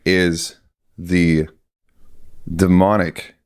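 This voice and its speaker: Host, man, very deep voice, calm and methodical, speaks point by point. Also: very slow, clean tone. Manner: calm, organized, lists points in order. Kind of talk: reflective interview commentary.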